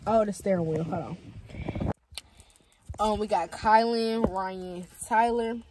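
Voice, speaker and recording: A young woman filming a casual selfie vlog on her phone from inside a car, chatty and excitable, sometimes hollering. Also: medium pitch, takes it slowly, background noise. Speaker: vlogger. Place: inside a car on a road trip. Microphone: phone held at arm's length.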